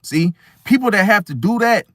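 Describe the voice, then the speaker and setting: Male host, casual street-slang monologue, animated, slightly high pitch, dry recording. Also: normal speed, dry recording. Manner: animated, acts out quoted people in high voices; slangy, addresses listener as bro. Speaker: astrology video host.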